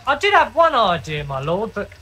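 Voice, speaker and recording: An actor playing a slow-witted, cheerful male servant in a TV sitcom, plodding and matter-of-fact. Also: high voice, huge pitch swings, pushed and bright, a little hiss or hum, exaggerated voice. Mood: dim.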